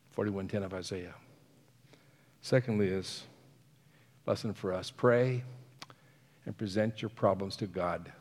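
A man's voice: sits low, fairly even intonation, a little slow, pauses often, a little mellow, in a large hall. A man preaching a sermon, earnest, often letting phrases fall to a near whisper and chuckling between points.

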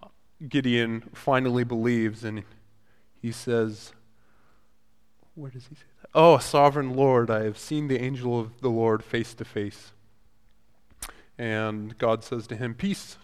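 Man teaching, relaxed and conversational, paraphrasing scripture with halting restarts; voice trails in a long hall echo. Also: mid-range voice, smooth. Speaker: Bible teacher. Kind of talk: casual Bible lesson.

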